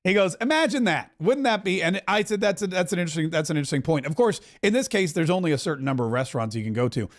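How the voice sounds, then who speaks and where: A man's voice: a little high, animated. Chatty man hosting live commentary. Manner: chatty, wry, quick asides. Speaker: political podcast host. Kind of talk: live commentary over a broadcast.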